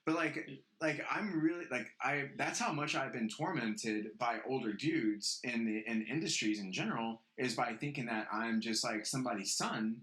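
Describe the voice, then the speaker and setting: A man's voice: medium pitch, moderate pace, few pauses, fairly bright tone. A young man hosting a casual podcast, telling stories heatedly with a lot of swearing. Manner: profane, heated storytelling. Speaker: podcast host. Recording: roomy echo.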